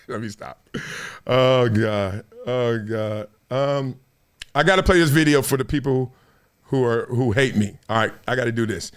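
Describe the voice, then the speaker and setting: A man's voice: medium pitch, measured pace. A man hosting a casual commentary stream in a joking, slangy, teasing way. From Southern California. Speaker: show host.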